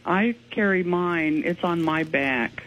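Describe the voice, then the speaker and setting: Husky-voiced woman on a muffled line. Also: fairly low pitch, takes it slowly, fairly bright tone. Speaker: ghost investigator guest. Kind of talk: radio interview.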